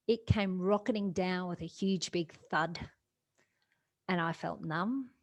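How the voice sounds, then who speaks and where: A woman telling a personal story in an earnest, emotional way, with soft laughs between phrases. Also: medium pitch. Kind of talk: personal testimony.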